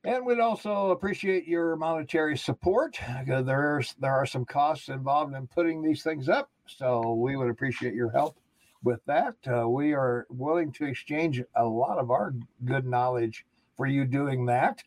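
A man co-hosting a casual online talk show, his voice mid-pitched and a little rough with morning throat. He rambles easily through fillers in a relaxed way. The sound is dry and close, with little room around it. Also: normal speed, dry recording, poor audio. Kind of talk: casual chat.

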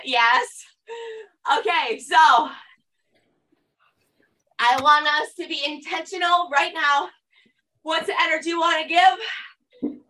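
A woman's voice: sits high, bright, forceful tone, far from the mic. A woman leading a guided workout class, mixing upbeat coaching cues with chatty asides while she exercises. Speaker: fitness instructor.

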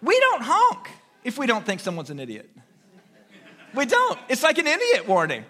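A middle-aged American pastor delivers a sermon in a strikingly high, bright voice. His pitch swings widely as he tells humorous stories, acting out horn beeps along the way. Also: a little fast. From United States. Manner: animated, humorous storytelling with vocal sound effects.

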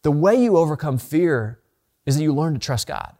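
A man's voice: a little high, lively intonation, moderate pace, dark tone. A man preaching a sermon as a pastor, earnest and conversational, often repeating words as he restarts a thought.

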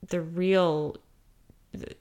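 An American woman explaining a topic in a casual monologue, animated and given to acting out quoted voices. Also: very slow. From United States. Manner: animated, acts out quoted voices with pitch jumps. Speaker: host talking about high sensitivity.

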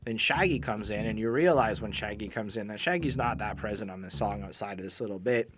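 A man's voice: lowish voice, a little fast, noisy background. Profane, filler-heavy man reviewing music. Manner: loose, profane, full of "like" fillers. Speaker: music review podcast host. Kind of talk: casual album review chat.

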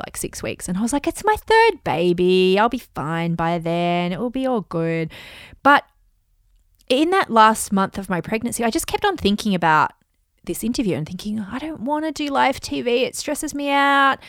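A woman's voice: medium pitch, dry recording, clean studio sound. Chatty woman podcaster telling stories. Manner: chatty storytelling with acted-out quotes. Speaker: podcast host. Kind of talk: solo podcast monologue.

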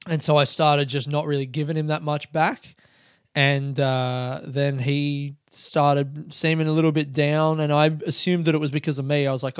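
A man's voice: fairly high pitch, little pitch movement, moderate pace, smooth, dry recording, studio quality. Rambling, sweary man. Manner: swears a lot, rambling and self-mocking. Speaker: podcast host. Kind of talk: casual solo monologue.

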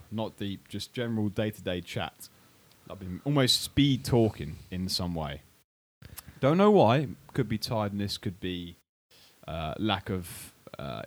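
A man co-hosting a podcast in casual chat, rambling and restarting his sentences. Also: on the low side. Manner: rambling, self-correcting, restarts. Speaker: podcast co-host.

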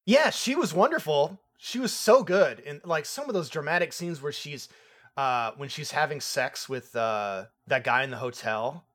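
Young guy gushing about a movie, slightly high voice, laughs a lot. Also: normal speed. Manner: excitable, laughs often, swears casually. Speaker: podcast co-host. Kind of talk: casual movie review chat.

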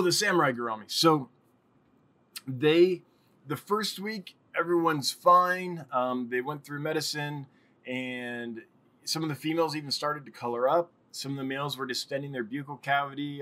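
Bright-voiced man hosting a chatty livestream. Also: medium pitch. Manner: rambling, chatty, laughs often. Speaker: live stream host. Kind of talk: casual live stream chat.

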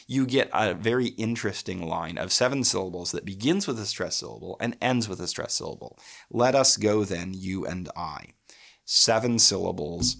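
A man's voice: lowish voice, vocal fry, a bit bright. A man hosting a podcast, explaining poetic meter in a thoughtful, analytical way and reading verse aloud. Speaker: podcast host.

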